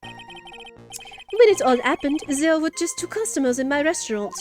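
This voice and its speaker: A woman's voice: high voice, lively intonation, unhurried, a little mellow, faint music behind. A woman voicing a flamboyant, flirtatious male French chef in an exaggerated fake French accent. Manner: theatrical, sing-song, over the top.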